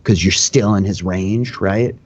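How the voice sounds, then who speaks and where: A young man running a tabletop game as dungeon master and host, explaining rules in a relaxed way with lots of fillers. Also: deep voice, a little slow, highs cut off, slight background noise.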